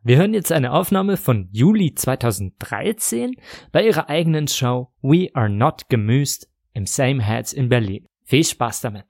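A man hosting a podcast and reading a scripted introduction in a measured, self-deprecating way. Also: medium pitch, expressive, vocal fry, a little mellow. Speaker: podcast host.

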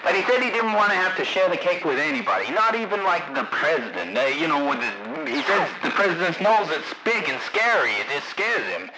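A man's voice: on the high side, big pitch swings, a little fast, hardly any pauses, heavy background noise, pitched above the performer's own voice. A man voicing a rambling male astronaut radioing from the moon in a comedy sketch, stammering and whining like a child. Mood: flustered.

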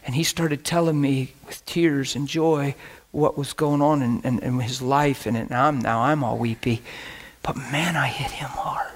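A man preaching a sermon, telling animated stories and acting out scenes, breaking into laughter, shouts and whispers. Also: mid-range voice, normal speed, few pauses. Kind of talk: storytelling sermon.

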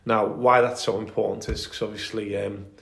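A man's voice: lowish voice, level tone, normal speed, creaky, a bit bright, reverberant. A man co-hosting a podcast, telling military history stories in a casual, enthusiastic way with many fillers. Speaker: podcast co-host.

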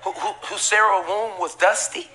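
A man preaching a sermon as pastor to a live church congregation, emphatic and repetitive with bursts of shouting and casual joking asides. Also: high voice, fairly even intonation, moderate pace, faint music behind.

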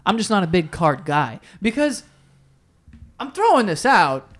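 A man's voice: sits high, very animated, measured pace, fairly bright tone. A man co-hosting a podcast, chatting casually, joking and swearing a lot. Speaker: podcast co-host. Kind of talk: casual chat.

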